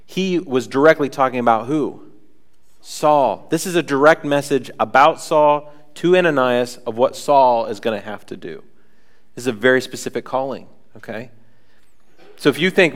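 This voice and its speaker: A man preaching a sermon, animated, acting out the people in the scripture with frequent asides. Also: medium pitch, unhurried, pauses often. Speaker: pastor.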